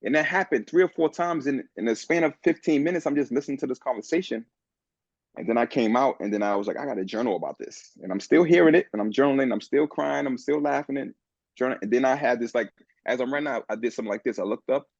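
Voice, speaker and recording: A man guesting on a podcast, telling a personal story in an earnest, animated way with many restarts. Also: medium pitch, fast talker, gravelly, no echo. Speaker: guest, men's coach. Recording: dull, dry lo-fi sound.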